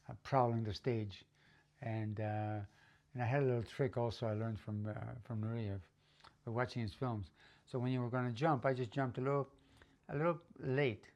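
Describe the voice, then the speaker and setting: Rambling middle-aged man telling a story. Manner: rambling, with many fillers and restarts; acts out quoted voices, often higher and louder. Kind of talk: casual spoken life story.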